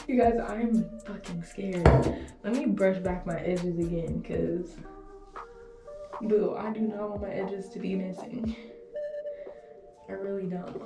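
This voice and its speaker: At a measured pace and with fairly even intonation, a young woman with a mid-range voice chats to camera in a casual home beauty vlog, far from the mic. Nervous and talkative, she curses and laughs to herself as she works, in an echoey room with background music.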